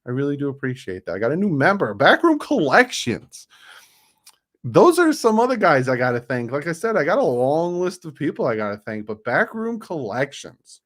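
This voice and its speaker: A man's voice: a little high, very animated, brisk, hardly any pauses. A man hosting a casual live stream, chatting loosely, reading out donations and plugging sponsors. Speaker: YouTube streamer and channel host.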